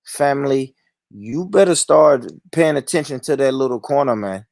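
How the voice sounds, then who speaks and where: A man's voice: medium pitch, animated, a little fast, no echo, clean studio sound. A man hosting a livestream, ranting in a heated, profane, repetitive way. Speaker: livestream host.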